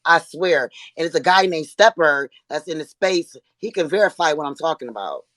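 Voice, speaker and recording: A woman's voice: deep voice, animated, a bit bright, no room sound. Rambling caller, a woman from Buffalo. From Buffalo, New York. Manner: rambling, halting, many fillers. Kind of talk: heated call-in debate.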